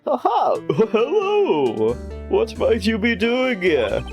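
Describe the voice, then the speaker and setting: Stuffy old lawyer voice, way up high, super slow and dramatic. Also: male voice, wildly swooping pitch, faint music behind, full character voice. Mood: grandiose. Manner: high, drawn-out, sing-song delivery. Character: pompous old male lawyer, reminiscing, theatrical.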